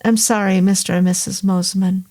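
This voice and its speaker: A woman voicing a hesitant, apologetic male doctor who rambles, in a slow audiobook reading. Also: high-pitched, fairly even intonation, darkish tone. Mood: uneasy. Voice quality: hesitant, halting. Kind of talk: audiobook character voice.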